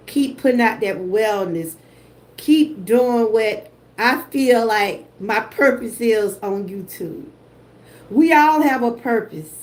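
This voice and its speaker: A woman with a Southern US accent hosting a casual livestream, emotional and effusive as she greets the people in her chat. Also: a little high. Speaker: host.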